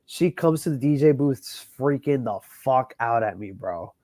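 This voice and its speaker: A man working as a wedding DJ tells a story in casual chat. He talks in an animated, profane way and says "bro" and "like" constantly. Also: mid-range voice, measured pace, dry recording. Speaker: wedding DJ guest.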